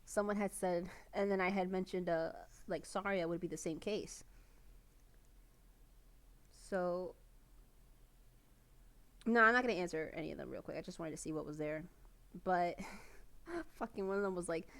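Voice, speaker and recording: Giggly woman streamer, lively voice. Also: fairly low pitch, a little slow, long pauses. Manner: chatty, giggly, swears freely. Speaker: game streamer. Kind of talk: casual gameplay commentary. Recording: game music behind.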